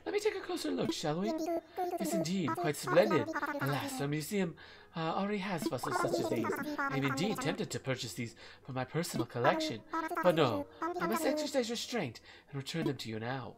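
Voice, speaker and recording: A man's voice: on the high side, wildly swooping pitch, fairly quick. A man voicing a fussy, pompous male owl museum curator with a put-on British accent and formal, hooting politeness. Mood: polite, pompous. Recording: game music loud under voice. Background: loud game music.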